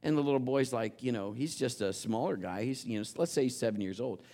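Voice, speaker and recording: A male preacher delivers a sermon, telling a story. His voice sits in a middle register and climbs into shouted exhortations. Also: mid-range voice, lively intonation, quick pace, few pauses.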